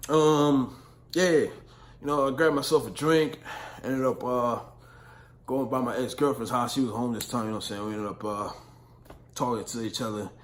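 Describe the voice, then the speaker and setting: A man's voice: medium pitch, normal speed. A young man vlogging, telling a story in casual slang, full of profanity and "you know what I'm saying".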